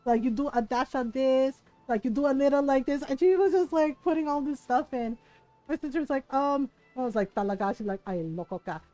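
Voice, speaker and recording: High-pitched woman streamer, easygoing storyteller who chats while she plays. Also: a little fast, warm tone, dry recording, faint music behind. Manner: chatty anecdotal storytelling, acts out family quotes. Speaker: game streamer. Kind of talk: casual live-stream chat while playing.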